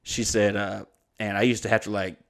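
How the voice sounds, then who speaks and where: A man's voice: lowish voice, flat delivery, a little fast, gravelly. Profane man spinning a rambling story. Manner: profane, rambling anecdotes acting out quoted dialogue. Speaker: podcast co-host. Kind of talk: comedic storytelling chat.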